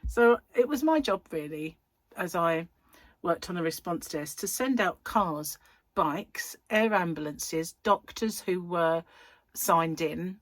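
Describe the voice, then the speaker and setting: A woman's voice: on the low side, no room sound. A woman, a crochet channel host chatting through a rambling, giggly anecdote. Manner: chatty, giggly, self-interrupting storyteller. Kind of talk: casual chat, rambling anecdote.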